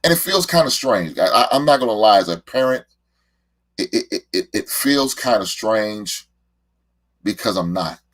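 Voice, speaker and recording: A middle-aged man with a very low voice hosts his own show. He tells stories casually and at length, and he often stumbles and repeats words as he goes. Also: animated, normal speed, a bit bright. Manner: rambling, repeats words when emotional. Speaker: podcast host, father. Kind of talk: casual heartfelt monologue.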